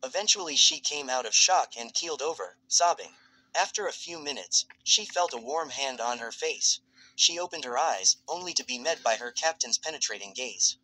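Guy reading a fanfic out loud, bright clear tone, steady and even. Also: medium pitch, moderate pace, poor audio. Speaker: narrator. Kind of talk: fan fiction read aloud.

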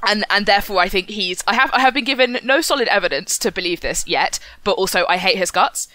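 A woman's voice: mid-range voice, lively intonation, fast talker, sharp tone, no echo. A woman co-hosting a book podcast, chatting casually and enthusiastically with many fillers. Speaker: podcast co-host.

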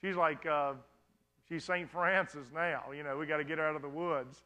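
Bright-voiced male pastor, conversational. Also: on the high side, steady tone, normal speed. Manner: conversational, often checking in with "you understand?". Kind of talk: sermon Q&A.

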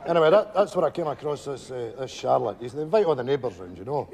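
An actor playing an older widowed Glasgow pensioner with a Glaswegian Scottish accent, telling a rambling stage monologue full of "you know" asides. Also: male voice, medium pitch, lively intonation, quick pace, darkish tone, husky. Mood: wistful storytelling. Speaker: stage character telling a story to friends.

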